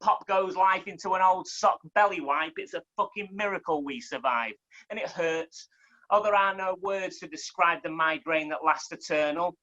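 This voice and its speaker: A man with a Mancunian accent, performing fast, punchy poetry full of swearing and wordplay, then chatting casually as a guest. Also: sits high, pushed and bright, dull audio. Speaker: guest poet.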